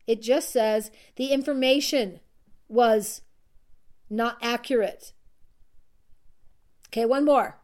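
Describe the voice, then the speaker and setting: A woman's voice: fairly high pitch, fairly even intonation, slow pace, long pauses. A woman coach giving an earnest, repetitive self-help talk to her listeners, often laughing at herself.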